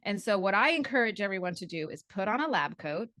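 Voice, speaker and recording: A woman guest and coach in a podcast interview, telling stories and acting out her own past thoughts in quick little voices. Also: medium pitch, no echo. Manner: animated storyteller who acts out her own past thoughts.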